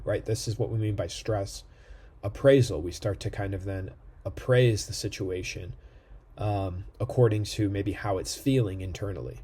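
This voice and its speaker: A man's voice: fairly low pitch, normal speed, mellow, husky. A man giving a recorded lecture, explaining step by step and checking in with "right?" often. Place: indoor room near a street.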